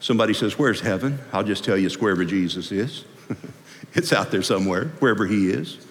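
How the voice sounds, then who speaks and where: A man preaching a sermon as pastor, folksy and animated, swinging from loud to hushed. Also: on the low side, brisk. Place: church sanctuary. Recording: long hall reverb.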